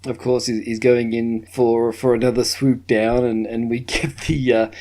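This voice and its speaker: A man's voice: medium pitch, a little slow. A man co-hosting a podcast, chatting casually about a film, acting out lines with lots of laughter. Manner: animated, acts out lines from the film in put-on voices and laughs often. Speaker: podcast co-host. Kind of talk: casual film review chat.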